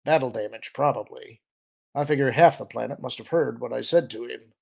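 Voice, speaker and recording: A man's voice: medium pitch, brisk, creaky, a little mellow. A man voicing a cocky, roguish male pilot in an audiobook reading, offhand and pleased with himself. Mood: smug.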